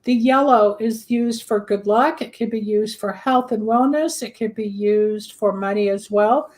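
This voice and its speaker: A woman's voice: medium pitch, a little slow, a little mellow. A woman hosting a talk show, chatty and explaining things with everyday kitchen examples. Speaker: host, candle magic practitioner. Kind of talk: casual talk show chat.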